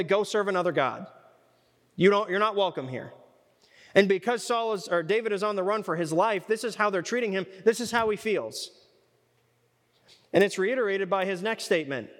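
A man's voice: high-pitched, long reverb tail. A man preaching a Bible study, conversational and fond of rhetorical questions. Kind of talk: sermon.

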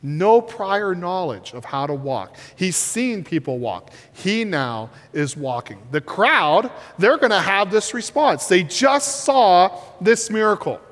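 A man preaching a sermon on a headset mic, swinging between shouts and near-whispers as he acts out the story. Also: sits high, very animated, takes it slowly, few pauses. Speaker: pastor. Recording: reverberant hall.

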